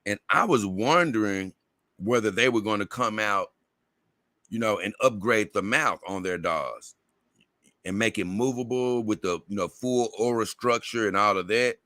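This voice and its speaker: A man's voice: on the low side, normal speed, bright, forceful tone, dry recording. A man with a Southern US accent hosting a casual livestream, reading viewer comments in a rambling way, repeating words and laughing often. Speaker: livestream host.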